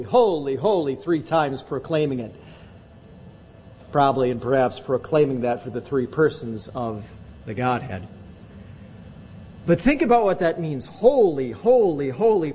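A male pastor preaching a sermon in a church, emphatic and repeating words for weight. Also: darkish tone. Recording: long reverb with faint rumble.

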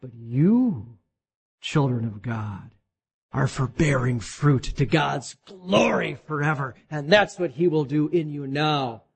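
Pastor, man, husky and a touch high-pitched, lively sermon delivery. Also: slow. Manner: animated preaching, voice climbing high when voicing God.

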